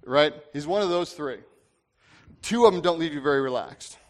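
Man, pastor, casual sermon, higher voice, chatty, stumbles and restarts a lot. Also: lively intonation, normal speed. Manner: conversational, often asks "right?", with frequent restarts.

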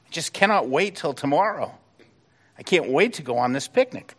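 A man voicing an excited little boy who is too eager to sleep before a picnic, in a sermon story. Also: on the high side, moderate pace, breathy edge, voice pushed up. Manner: eager, pleading.

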